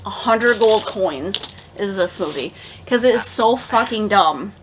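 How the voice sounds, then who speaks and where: Woman, tipsy, profane, rambling movie review, animated pitch. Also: unhurried, background noise. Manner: profane, rambling plot retelling. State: tipsy from drinking. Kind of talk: casual drunk movie review chat.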